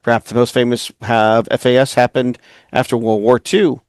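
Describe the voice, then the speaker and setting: A man's voice: medium pitch, normal speed, smooth, no room sound. Podcast co-host, adult man, easygoing chatter, dry close mic, mid-range voice. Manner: relaxed, chatty, laughs often. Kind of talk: casual chat, reading out an article.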